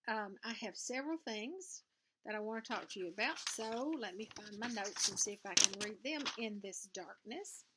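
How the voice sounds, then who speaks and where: Heavy background noise surrounds a cross-stitch vlogger, an older Southern US woman talking to camera indoors in her home sewing room. At normal speed and medium pitch, with lively intonation, she rambles in a casual, folksy way.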